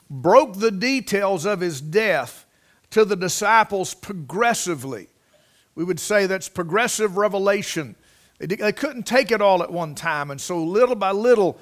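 High-voiced preacher. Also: male voice, fairly bright tone. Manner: folksy storytelling, reading scripture aloud with emphasis. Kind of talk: sermon.

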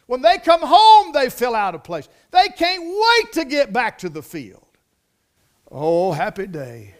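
Country preacher guy, high voice, gets all emotional, repeats himself, drops to a hush then gets loud. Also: very animated, slow pace. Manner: folksy, emotional, repeats words for emphasis; swings from hushed to loud and fervent. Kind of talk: sermon.

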